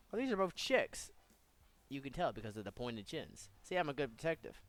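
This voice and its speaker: A man's voice: medium pitch, very animated, a little fast, fairly bright tone, dry recording. A young man giving casual, profane let's play commentary with joking, mumbled asides. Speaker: gamer.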